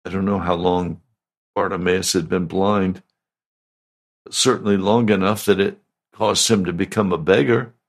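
A male pastor delivering a radio sermon, asking slow, emphatic questions. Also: deep voice, steady tone, gravelly.

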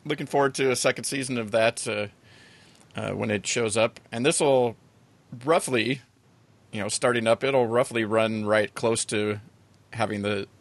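A man's voice: mid-range voice, fairly even intonation, normal speed, gravelly, no echo. A man hosting a podcast in casual chat, laughing often while he teases his guests. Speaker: podcast host.

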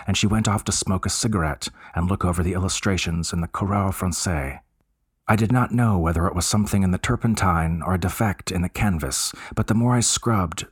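A man narrating a gothic horror story in a measured, storytelling manner. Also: sits low, breathy edge, no room sound, clean studio sound.

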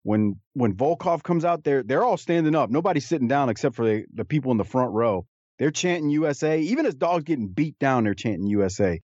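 A man's voice: medium pitch, animated, brisk, darkish tone, no echo, dull audio. A man co-hosting a casual podcast, talking in a rambling, amused way with frequent restarts. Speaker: podcast co-host. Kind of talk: casual chat.

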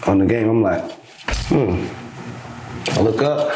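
A young man telling a story casually as a podcast guest, lively, acting out the back-and-forth he describes. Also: on the low side, slow, roomy sound, noisy background. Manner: animated storyteller acting out quoted exchanges. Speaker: podcast guest, basketball influencer.

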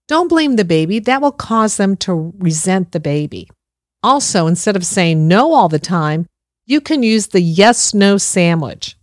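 A woman's voice: medium pitch, lively intonation, unhurried, no room sound, studio quality. Earnest middle-aged woman giving parenting advice. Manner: earnest, reassuring, addresses listeners directly. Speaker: parenting speaker. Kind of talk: instructive parenting talk.

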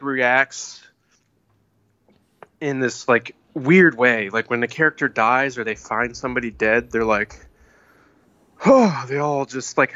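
A man talks loosely through a film plot in a casual podcast chat, often trailing off and restarting. His voice is bright and pointed, and it sits dry and close. The recording has a slightly dull, lo-fi edge. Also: mid-range voice, dry recording. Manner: laid-back, rambling, with many fillers and restarts. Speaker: podcast co-host.

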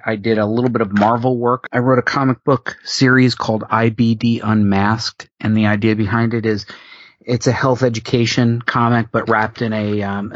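A man's voice: on the low side, no room sound, muffled recording. A man, a comic book creator, chatting as a podcast guest and explaining his work earnestly. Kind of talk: casual chat.

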